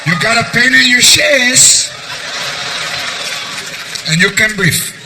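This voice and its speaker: A man's voice: sits high, lively intonation, moderate pace, background noise. A male comedian voicing an older wife who sarcastically scolds her sick husband in a taunting, nagging way. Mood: mocking scold.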